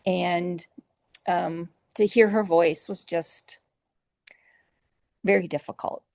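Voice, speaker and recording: Gravelly-voiced woman author. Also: lowish voice, fairly even intonation, takes it slowly, no room sound, clean studio sound. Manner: earnest, emotional, with soft laughs and filler restarts. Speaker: author guest. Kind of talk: conversational interview storytelling.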